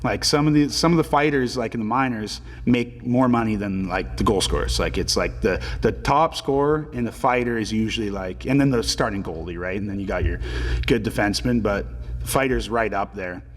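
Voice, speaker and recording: A man in his twenties, a pro hockey player telling stories as a podcast guest in a relaxed, filler-heavy way and swearing casually. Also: fairly low pitch, fairly quick, in a large hall. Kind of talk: casual storytelling interview.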